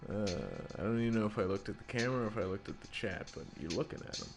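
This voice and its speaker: A man's voice: on the low side, expressive, fast talker, vocal fry. A man giving casual gameplay commentary, rambling and swearing with amusement at his own jokes. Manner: rambling, profane, self-amused. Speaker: gaming streamer. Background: game music.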